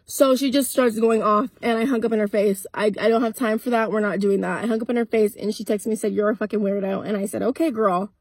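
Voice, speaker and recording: A woman's voice: mid-range voice, steady tone, quick pace, hardly any pauses, a little mellow, husky, no room sound. An eighteen-year-old woman telling a storytime vlog in a casual, blunt way, swearing freely and acting out both sides of old arguments. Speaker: content creator.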